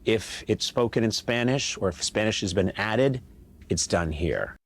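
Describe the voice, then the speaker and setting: A man's voice: lowish voice, lively intonation, unhurried, slightly rough. A man hosting a comic travel show, playful and jokey with the people he meets. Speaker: travel comedy host.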